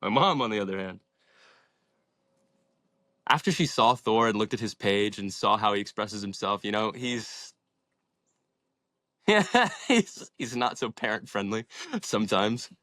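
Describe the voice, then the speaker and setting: A man's voice: fairly low pitch, animated, a little slow, long pauses, bright, forceful tone, dry recording, clean studio sound. Passionate young man telling his story. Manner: passionate, inspirational, swears freely. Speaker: podcast guest. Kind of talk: casual storytelling in an interview.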